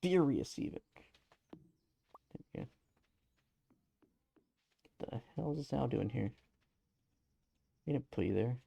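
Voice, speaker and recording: A man giving casual gameplay commentary on a stream, low-key and subdued, muttering playful sing-song asides. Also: a little slow, creaky, long pauses, dark tone, husky, no echo.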